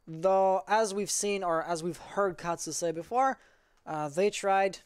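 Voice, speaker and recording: A man commentating an online match live, pausing and restarting as he searches for words. His voice is close and dry, with no room around it. He keeps going with a loose, conversational flow. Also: high voice, clear, resonant tone, no echo. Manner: halting, self-correcting, apologizes for stuttering. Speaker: esports caster.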